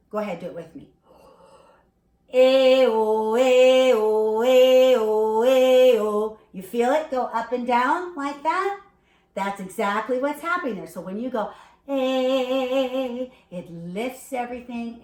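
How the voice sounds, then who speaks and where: A woman teaching a beginner singing lesson, explaining and demonstrating warm-ups, checking in with a frequent "okay?". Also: mid-range voice. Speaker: vocal coach. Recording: echoey room.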